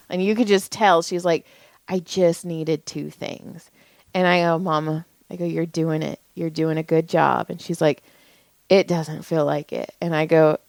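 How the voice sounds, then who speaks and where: A woman's voice: deep voice, a little mellow, no echo. Rambling, foul-mouthed woman telling stories. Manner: rambling storyteller, swears freely. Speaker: podcast co-host. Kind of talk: casual chat.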